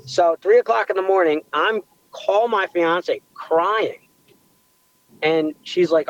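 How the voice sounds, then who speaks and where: A young adult man, a pizzeria owner, telling his story in a casual interview, animated and rambling with restarts. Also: sits high, unhurried, lo-fi sound. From United States.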